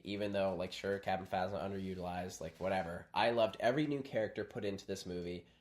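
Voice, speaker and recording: Young man chatting animatedly about movies. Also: lowish voice. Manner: animated, acts out movie lines in quick put-on voices. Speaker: podcast co-host. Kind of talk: casual chat.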